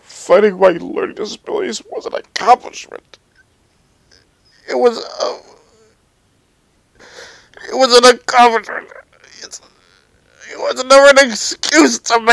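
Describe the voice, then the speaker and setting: A man, a comedian, talking unscripted about a painful personal experience in a halting, raw, profane way. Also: very high-pitched, creaky, a bit bright, no room sound, rough recording. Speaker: comedian telling a personal story.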